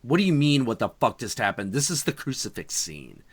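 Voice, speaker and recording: A man's voice: mid-range voice, very animated, a little fast, husky. Man quoting his exasperated girlfriend. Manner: incredulous, scolding. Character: exasperated girlfriend, adult woman.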